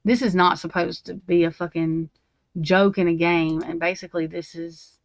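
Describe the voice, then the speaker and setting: A woman's voice: on the low side, little pitch movement, normal speed, dry recording. A woman, hosting a livestream and ranting to her viewers, profane and fired up. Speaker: true crime livestream host. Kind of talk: angry unscripted rant to viewers.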